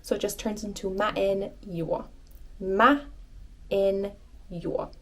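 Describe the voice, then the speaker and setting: Slow, patient woman teaching a language. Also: mid-range voice, fairly even intonation. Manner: patient, repeats phrases slowly and clearly; encouraging. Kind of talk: online language lesson.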